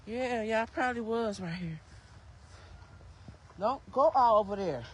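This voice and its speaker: A slightly high-pitched woman walks an outdoor park trail, a little out of breath as she talks. She chats and teases her kids in a casual vlog, recorded on a handheld phone with faint noise behind her. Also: animated, measured pace. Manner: chatty, teasing, talking to her kids while walking. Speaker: vlogger and mother.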